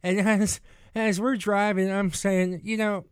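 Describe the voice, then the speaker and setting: A man's voice: high voice, level tone, unhurried, smooth, no echo, studio quality. A man casually telling rambling stories about driving passengers, laughing often and acting out what people said. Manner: rambling, laughing, restarts and acted quotes. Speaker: rideshare driver telling stories. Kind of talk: casual podcast chat.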